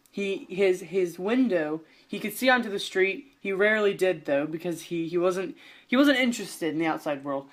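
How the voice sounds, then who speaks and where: A young man co-hosting a casual podcast, rambling through an improvised story with lots of fillers and restarts, joking along the way. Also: high voice. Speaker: podcast co-host.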